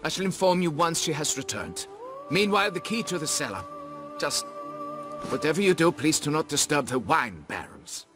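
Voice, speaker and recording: A man's voice: on the high side, sing-song, normal speed. A snooty nobleman from a fantasy game, lording his rank over everyone. His voice rises and falls in showy swoops as he talks down to his listener. Orchestral game music plays under him. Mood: grave. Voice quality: pompous, condescending. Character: pompous aristocratic male vineyard owner, haughty. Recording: game score playing behind.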